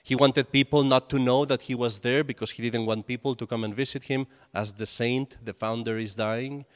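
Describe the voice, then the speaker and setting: A man's voice: medium pitch, fairly even intonation, normal speed, clear, resonant tone. A man, a priest, giving a conversational sermon and telling stories with acted quotes. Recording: long hall reverb.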